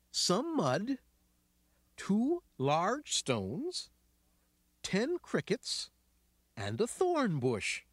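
A man narrating a children's storybook in a gentle, measured way. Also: high-pitched, dry recording. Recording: music bed underneath.

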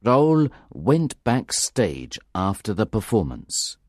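Slow, expressive male storyteller. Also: fairly low pitch, no echo, studio quality. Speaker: narrator. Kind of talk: audiobook reading of a graded reader.

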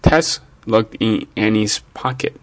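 A man narrating a children's story in an expressive read-aloud manner. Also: on the low side, slow pace, no echo.

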